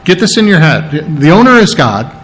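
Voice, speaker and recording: A man's voice: on the high side, very animated, moderate pace, fairly bright tone, low-quality recording. A man preaching a sermon in a teaching, conversational way, checking in with his listeners and often restarting his phrases. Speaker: pastor.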